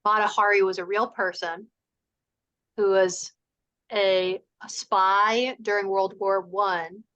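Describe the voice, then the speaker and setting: Woman teacher, clear storybook read-aloud, bright and forceful tone. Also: medium pitch, fairly even intonation, takes it slowly, muffled recording.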